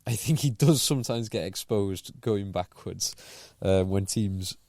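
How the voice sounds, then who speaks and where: A man, a podcast co-host talking casually in a measured, understated way. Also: lowish voice, darkish tone, dry recording, clean studio sound. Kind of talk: casual chat.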